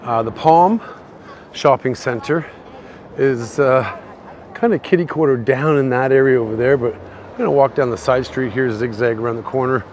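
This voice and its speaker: A man's voice: medium pitch, normal speed, a little mellow, slight background noise. A man from Canada with a Canadian accent, a bit tipsy, rambling to viewers as he hosts a live-streamed walking tour outdoors. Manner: rambling, chatty, talks to chat viewers while walking. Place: outdoor city shopping street.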